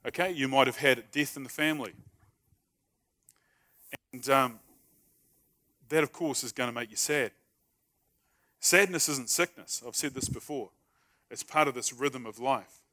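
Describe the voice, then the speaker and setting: A man's voice: mid-range voice, a little slow, long pauses, bright, forceful tone. A man preaching a sermon in a conversational, humorous way, acting out short everyday dialogues. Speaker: pastor.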